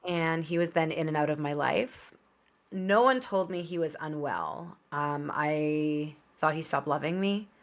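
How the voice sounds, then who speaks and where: A woman in her thirties, a podcast guest, telling her personal story in an open, conversational way with quick asides. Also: low-pitched.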